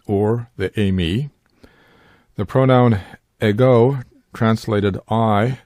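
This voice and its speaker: A man with a lowish, mellow voice leads a scripted Bible word study. He speaks in a measured, deliberate way and sounds out Greek terms carefully. The voice is recorded dry and close, with no room sound. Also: no echo. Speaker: Bible teacher.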